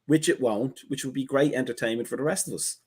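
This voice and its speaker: Male co-host, measured and wry, mid-range voice, casual chat. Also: medium pitch, slightly rough. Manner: measured, wry, thinks aloud with restarts.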